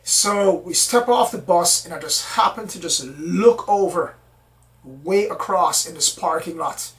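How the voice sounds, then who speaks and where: A man's voice: high voice, unhurried, fairly bright tone, poor audio. A man earnestly recounting his own strange experiences in a rambling, repetitive way. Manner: rambling, repeats himself, earnest. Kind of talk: personal account, casual storytelling.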